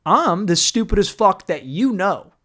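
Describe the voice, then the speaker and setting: A man's voice: high-pitched, a little slow. Profane young man ranting solo. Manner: profane, animated, acts out quoted voices. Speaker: podcast host. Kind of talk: solo comedic rant.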